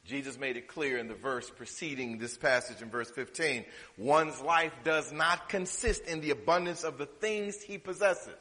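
Bright-voiced preacher man in a reverberant hall. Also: fairly high pitch, moderate pace, hardly any pauses. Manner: dramatic, swinging from loud preaching to hushed asides. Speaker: pastor. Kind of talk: sermon.

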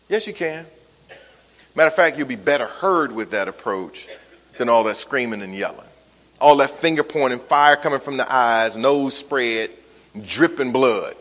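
Man preaching with lilt, hall reverb. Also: a little high. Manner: dynamic preacher, swings from loud emphasis to soft acted asides. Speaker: pastor. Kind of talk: sermon.

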